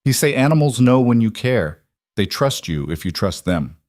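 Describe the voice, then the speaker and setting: A man voicing a shy, wary young deaf woman who speaks quietly in halting, broken English in a storybook tale. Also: mid-range voice, sing-song, no echo, studio quality, close to an everyday voice. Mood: wistful.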